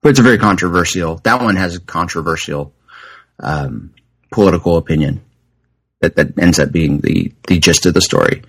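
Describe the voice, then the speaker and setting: Low-voiced man chatting on a podcast. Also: moderate pace, creaky, slightly rough, low-quality recording. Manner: rambling, chatty, with restarts. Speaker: podcast host. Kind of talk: casual chat.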